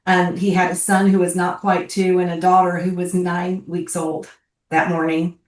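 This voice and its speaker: Older woman telling a heartfelt story, roomy and distant. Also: level tone. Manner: heartfelt, halting, voice climbing high when moved. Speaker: guest speaker, bereaved military mother. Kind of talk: personal storytelling on a webinar.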